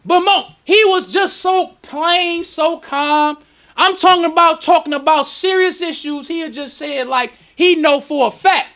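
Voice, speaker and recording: A male minister with a very high, piercing voice preaches to his congregation. He talks with strong emotion and climbs into sudden shouts. His tone stays sharp and forceful throughout. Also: a little slow. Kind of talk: preaching lecture. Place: temple lecture hall.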